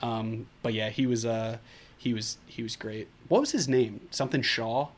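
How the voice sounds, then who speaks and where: A man co-hosting a movie podcast, in a loose, laughing mood. He talks in a relaxed way at an ordinary pitch and fills his retellings with "like.". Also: normal speed, crowd noise. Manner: laughs often, animated retellings with lots of "like". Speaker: podcast co-host. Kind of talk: casual movie chat.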